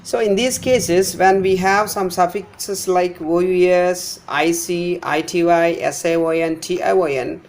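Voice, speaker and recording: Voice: medium pitch, fairly even intonation, a little slow, hardly any pauses, slight background noise. A teacher with an Indian English accent giving a pronunciation lesson, who repeats each example word several times and spells out letters. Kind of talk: phonetics lesson.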